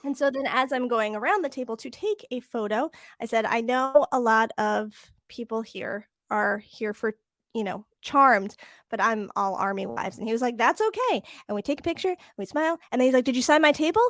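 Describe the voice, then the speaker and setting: A woman's voice: fairly high pitch, normal speed, a bit bright, no room sound, studio quality. A woman co-hosting a podcast, telling a story in casual chat and acting out the dialogue. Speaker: podcast co-host.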